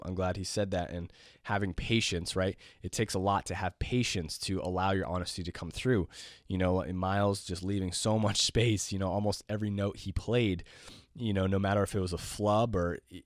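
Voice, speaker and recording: Low-voiced man teaching jazz piano. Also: no room sound, clean studio sound. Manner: relaxed, rambling, many fillers and restarts. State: losing his voice, clearing throat. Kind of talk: casual spoken lesson.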